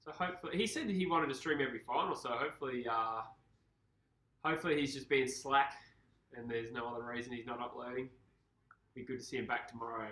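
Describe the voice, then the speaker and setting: A young man with a mild Australian accent co-hosts a casual football live stream. His voice is bright and forceful and sits at middle pitch. The room around him sounds echoey. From Perth, Australia. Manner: chatty, reads viewer comments, quick laughs. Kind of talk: casual chat over a live football game.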